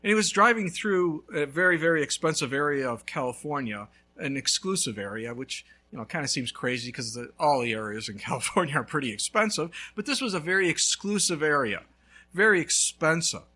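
A male pastor preaching a sermon, telling a story with lively swings between loud and hushed. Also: a little high, brisk.

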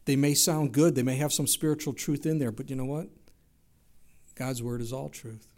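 A middle-aged man preaching a sermon, telling stories in an animated way and jumping his voice up for quoted lines. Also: medium pitch, normal speed. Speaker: pastor.

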